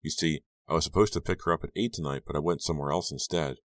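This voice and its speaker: A man's voice: extremely low pitch, steady tone, fast talker, no room sound. A man voicing an awkward teenage boy, hesitant and sheepish as he rehearses an apology. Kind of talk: audiobook character voice.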